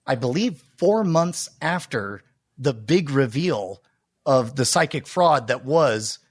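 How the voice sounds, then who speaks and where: A man's voice: mid-range voice, expressive, slow pace, breathy edge, no echo. Brief: male podcast guest, dry close sound, casual chat with dramatic trailer-voice flourishes. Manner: dramatic movie-trailer delivery at times.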